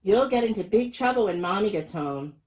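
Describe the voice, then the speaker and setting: A man's voice: high voice, lively intonation, brisk, rough recording. A man voicing a smug, tattling little sister with a told-you-so taunting manner in a storybook reading.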